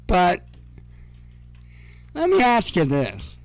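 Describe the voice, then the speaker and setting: A man's voice: high-pitched, wildly swooping pitch, very slow, no room sound. A man hosting casual news commentary, sarcastic and profane, with chuckling asides.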